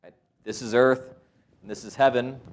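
Man preaching a lively sermon. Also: medium pitch, normal speed, slight background noise. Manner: storytelling, with quoted voices and asides. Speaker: priest.

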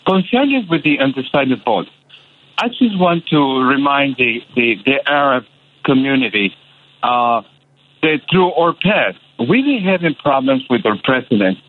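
A male radio caller with a mid-range, expressive voice makes an impassioned call over a tinny phone line with slight background noise. He sounds passionate but halting, leaning on many repeated fillers.

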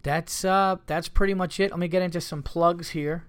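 A man's voice: sits high, fairly even intonation, moderate pace, clean tone, dry recording. A man hosting a solo podcast, rambling casually, cursing often and getting exasperated. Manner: rambling, profane, easily exasperated. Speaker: comedian podcast host.

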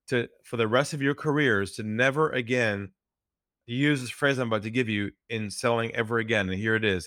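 With a fairly bright tone and no room sound in a dry booth, a male sales trainer speaks as a podcast guest. He's an earnest storyteller who lowers his voice for the stories.

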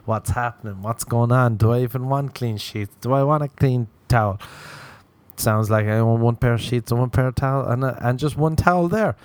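Riffing alone on his podcast, a young host swears often and mocks himself in a sardonic comedic rant, recorded through a podcast microphone. He speaks at normal speed with a medium-pitched, darkish voice and no echo.

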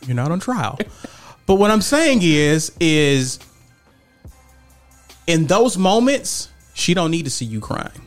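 Animated man arguing his point. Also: a little high, slow, long pauses, faint music behind. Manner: assertive, animated, acts out quoted dialogue. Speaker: podcast co-host. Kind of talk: casual debate chat.

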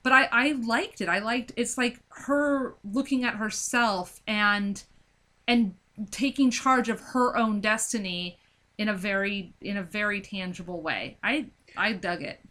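A woman in casual chat about a book and its film, animated and acting out scenes with lots of filler words. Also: medium pitch, a little slow. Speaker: book discussion co-host.

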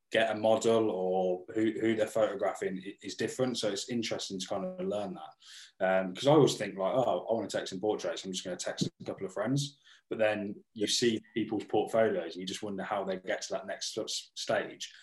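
A man hosting a casual interview, talking in halting starts and restarts while he pays compliments. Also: lowish voice. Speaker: podcast host. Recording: roomy echo.

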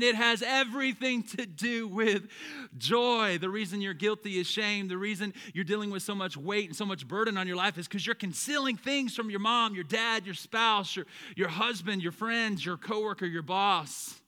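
A young male pastor delivers a dynamic sermon in a high, bright voice. He surges into loud, emphatic lines, then drops to low, quiet ones. He calls on the congregation to repeat words back to him. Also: moderate pace.

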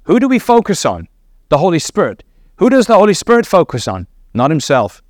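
A man's voice: sits high, huge pitch swings, a little fast, a little mellow, no room sound, clean studio sound. A man preaching a sermon, teaching earnestly and asking his listeners rhetorical questions.

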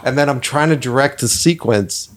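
A man's voice: mid-range voice, normal speed, slight background noise. A man hosting a podcast in a studio, talking bluntly and swearing freely as he tells stories and acts out what people said. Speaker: podcast host and director. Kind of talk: casual podcast conversation.

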